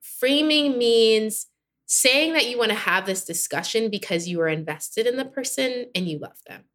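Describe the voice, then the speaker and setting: A woman guest on a podcast, telling a personal story with animated acted-out dialogue. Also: fairly high pitch, moderate pace. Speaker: podcast guest, friendship expert. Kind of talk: casual conversational interview.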